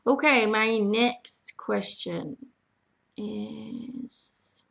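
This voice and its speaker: A woman acting as a spiritual medium, reading answers to questions from her followers in a gentle, halting way with many pauses. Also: on the high side, gravelly. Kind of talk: channeling reading, casual spoken.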